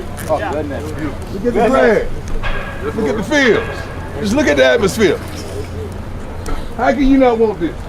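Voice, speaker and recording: A middle-aged college football coach, giving emphatic motivational talks and hammering home repeated rallying phrases. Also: male voice, extremely high pitch, gravelly.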